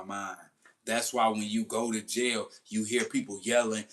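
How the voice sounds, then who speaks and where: In a commentary monologue, a male host with a mid-range voice spins stories at a moderate pace. His delivery is slangy and animated, punctuated by laughs.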